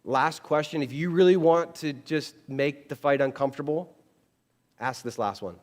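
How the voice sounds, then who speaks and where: A man's voice: on the high side, moderate pace, big-room sound. A man preaching a casual, conversational sermon as pastor, acting out bits of everyday dialogue. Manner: chatty, animated, acts out quoted dialogue. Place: church sanctuary.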